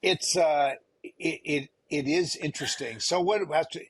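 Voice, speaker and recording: A man co-hosting a podcast, speaking in a measured, thoughtful way with hesitant restarts. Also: fairly high pitch, slightly rough. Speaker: podcast co-host. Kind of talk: casual recap chat.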